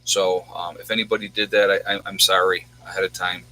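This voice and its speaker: A man's voice: deep voice, flat delivery, a little fast, sharp tone, poor audio. A man hosting a casual livestream, chatting in a rambling way and answering viewers' questions. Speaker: livestream host.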